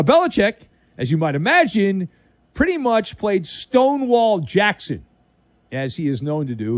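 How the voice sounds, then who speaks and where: A man's voice: fairly high pitch, darkish tone, dry recording. A man hosting an overnight sports talk radio show, delivering a wisecracking monologue with dramatic emphasis.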